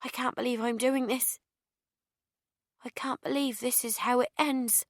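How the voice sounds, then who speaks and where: A despairing young woman, pleading in an unsteady, raised voice, as a female narrator puts her on. She sounds noticeably higher than the reader's own tone. The recording is dry and close, like a storybook read in a booth. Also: fairly even intonation, unhurried, no echo.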